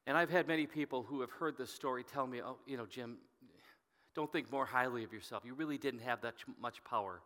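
A middle-aged man preaching as a pastor, telling a story in an earnest, halting way and often dropping to a hushed voice. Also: mid-range voice. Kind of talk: sermon storytelling. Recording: long reverb from a hall.

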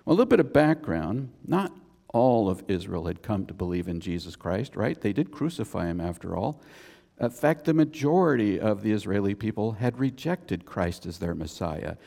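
A man's voice: fairly low pitch, sing-song, moderate pace, creaky, dark tone. A man preaching a sermon as a pastor, conversational, with chatty asides between points. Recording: long reverb of a church hall.

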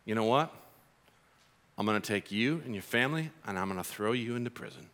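A man's voice: high-pitched, expressive, fast talker, bright, forceful tone, pitched above the performer's own voice, heavily acted. A man voicing a stern king who rules and commands his servants, in a storytold sermon. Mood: furious. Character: demanding king, a grown man, stern ruler.

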